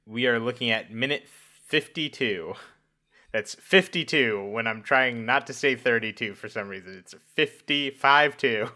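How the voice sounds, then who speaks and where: Bright-voiced rambling male co-host. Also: mid-range voice. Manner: rambling, hesitant, with many fillers and chuckles. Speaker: podcast co-host. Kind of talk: casual podcast chat.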